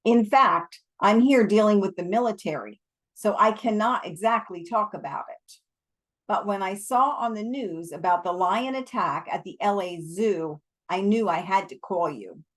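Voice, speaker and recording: A woman's voice: mid-range voice, normal speed, natural voice. A woman reading aloud, voicing a burly, panicked Afrikaner lion expert who speaks urgently and emphatically.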